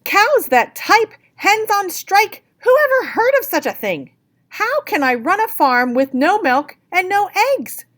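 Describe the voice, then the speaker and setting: A woman voicing an exasperated male farmer who shouts in disbelief. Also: extremely high pitch, very animated, unhurried, pitched above the performer's own voice, full character voice.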